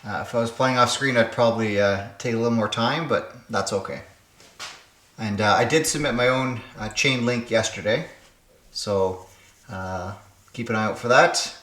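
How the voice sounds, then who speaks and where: A man hosting his puzzle channel mutters and thinks aloud as he solves word games in casual solo commentary. He speaks at normal speed in a medium-pitched, slightly bright voice, with roomy sound.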